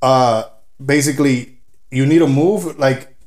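A man from West Dallas, telling animated, profane stories as a podcast guest and laughing through them. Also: medium pitch, a little slow, reverberant. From West Dallas, Texas. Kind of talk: casual podcast storytelling.

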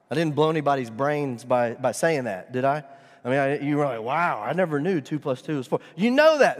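Pastor, man, slightly high voice, emphatic sermon delivery with wry asides, long hall echo. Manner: preaching with rising, emphatic bursts and humorous asides.

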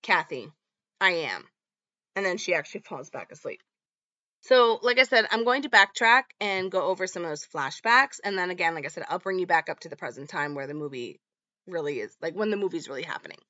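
A woman's voice: on the low side, fast, bright, forceful tone, no echo, highs cut off. A woman hosting a podcast, recapping a horror film in a casual, chatty way full of "like" and "um". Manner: chatty, lots of "like" and "um". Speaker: podcast host.

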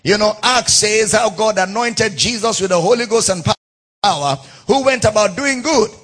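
A man's voice: sits high, lively intonation, normal speed, a bit bright, slightly rough. A male pastor preaching a sermon in a church, emphatic, repeating key words in a sing-song cadence.

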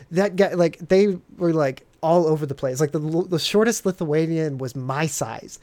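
A man's voice: fairly high pitch, moderate pace, hardly any pauses, a little mellow. A man, a military veteran, telling rambling, profane stories in casual podcast chat and laughing often.

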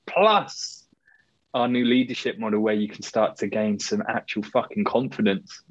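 Husky man on a dull line. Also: fairly low pitch, fairly even intonation. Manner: laid-back, quick to laugh, sweary. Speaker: podcast co-host. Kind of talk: casual chat.

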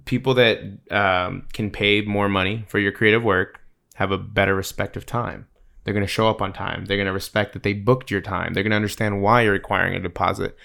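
A man's voice: on the low side, little pitch movement, brisk, gravelly, a bit bright. A man in a casual podcast chat, telling stories that end in a lesson, filled with "like" and "you know". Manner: storytelling, lecturing, many "like" and "you know".

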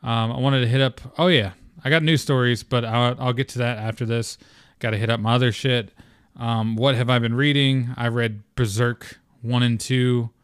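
A man's voice: medium pitch, steady tone, moderate pace, smooth, no echo, studio quality. A man hosting a casual solo podcast, rambling with lots of "um" and "like" and swearing freely. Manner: rambling, profane, filler-heavy. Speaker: podcast host.

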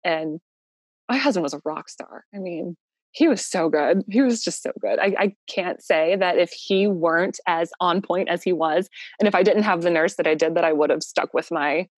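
A woman's voice: on the low side, normal speed, no echo, studio quality. A young woman telling her own birth story in a casual, heartfelt way, laughing often and using lots of fillers.

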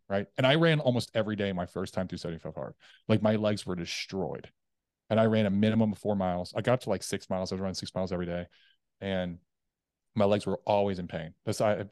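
A man, a coach, talking as a podcast guest in a casual interview, telling animated stories and acting out the voices in his head. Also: lowish voice, no echo, studio quality. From United States. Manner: animated storytelling, acts out inner voices.

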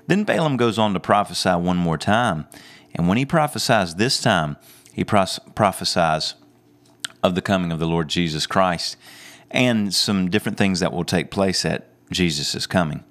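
Deep voiced preacher guy, storytelling sermon, chuckles as he goes. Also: lively intonation, normal speed, fairly bright tone.

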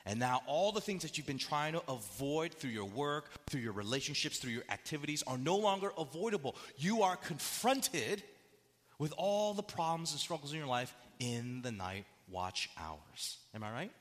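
A man's voice: a little high, lively intonation, moderate pace, fairly bright tone, long reverb tail. A man preaching a sermon, asking the audience rhetorical questions and acting out quotes with dramatic shifts. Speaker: pastor.

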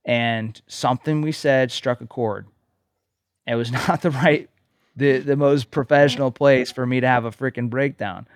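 Male podcast co-host, mid-pitched, earnest storyteller, dry close mic. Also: steady tone, normal speed, no room sound. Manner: earnest storytelling, emphatic "okay?" check-ins. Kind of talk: casual podcast conversation.

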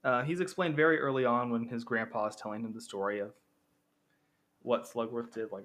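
A man's voice: medium pitch, fairly even intonation, a little fast, fairly bright tone. A young man casually comparing two films, rambling, correcting himself and tossing in jokey asides. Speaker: film reviewer. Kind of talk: casual spoken commentary.

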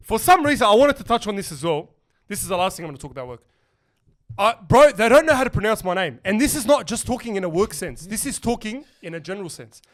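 A young man, co-hosting a podcast and telling stories in excitable, sweary casual chat. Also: high voice. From Australia. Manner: fast, excitable storytelling with lots of swearing. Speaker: podcast co-host.

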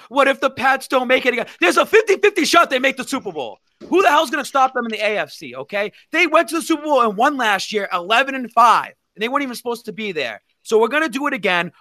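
A man's voice: extremely high pitch, sharp tone, no echo. A man co-hosting a casual podcast, talking in a brash, hyped-up way. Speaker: podcast co-host. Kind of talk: casual chat.

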